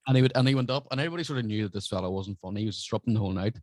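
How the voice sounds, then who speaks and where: A man's voice: on the low side, very fast, no room sound. A man, a stand-up comedian, telling brash, profane stories in casual podcast chat. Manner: swears constantly, brash and animated.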